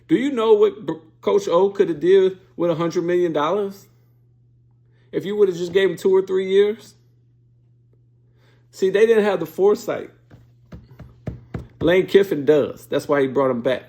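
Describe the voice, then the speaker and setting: A man's voice: a little high, darkish tone. A man hosting a sports show, giving blunt, profane, fired-up casual opinion commentary.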